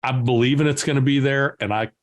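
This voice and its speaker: A man, a guest entrepreneur, telling lively stories in conversation and acting out the dialogue. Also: mid-range voice, fast. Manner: lively anecdotal storyteller, acts out dialogue. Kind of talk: conversational storytelling.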